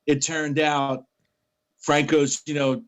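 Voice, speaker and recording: New man telling a lively story. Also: a little high, slow, no echo, low-quality recording. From New York City. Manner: animated anecdotes, acting out quoted dialogue. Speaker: interview guest. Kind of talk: casual storytelling.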